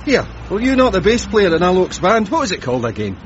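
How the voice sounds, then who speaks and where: A man's voice: sits high, big pitch swings, fast talker, a little hiss or hum. An actor with a Scottish accent playing a dry, mocking man in a radio sitcom. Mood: wry. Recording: muffled broadcast sound.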